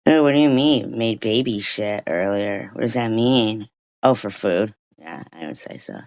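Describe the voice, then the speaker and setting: A woman's voice: a bass voice, a little slow. A woman hosting a livestream, ranting casually and profanely with frequent restarts. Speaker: livestream host.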